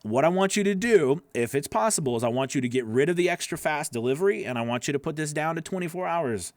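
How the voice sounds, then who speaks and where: A man's voice: fairly high pitch, expressive, fast, dry recording, studio quality. A man coaching voice-over freelancers, critiquing their gig pages live in a casual, encouraging way, repeating himself with many fillers, from home.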